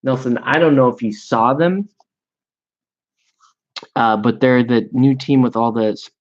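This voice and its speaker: A man chatting casually and rambling with amusement as he paints miniatures at his hobby desk. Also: medium pitch. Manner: slow, rambling, self-amused. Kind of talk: casual chat while painting. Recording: dull lo-fi sound.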